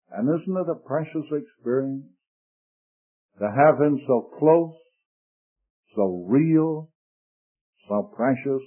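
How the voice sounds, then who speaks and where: An older man preaching a sermon slowly and deliberately, sinking into a hushed low voice when he speaks scripture. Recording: tinny lo-fi radio broadcast.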